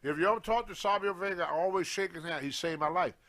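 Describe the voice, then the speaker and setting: An older man with a drawl tells an old road story in a casual, animated way, and he acts out each person's lines as he goes. His voice sits high for a man. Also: fast talker. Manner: animated anecdote, acting out quoted lines. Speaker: guest storyteller on a wrestling show.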